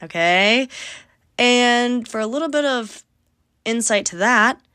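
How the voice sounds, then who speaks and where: A woman's voice: on the high side, lively intonation, slow, sharp tone, smooth, no room sound, clean studio sound. A woman in her twenties hosting a podcast in casual chat, chatty and sarcastic, swearing freely. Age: 20s. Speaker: podcast host.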